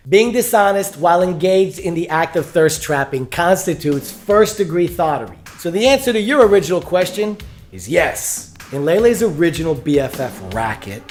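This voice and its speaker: A man narrating in a dry, hard-boiled detective manner. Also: fairly high pitch. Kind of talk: scripted detective-style narration.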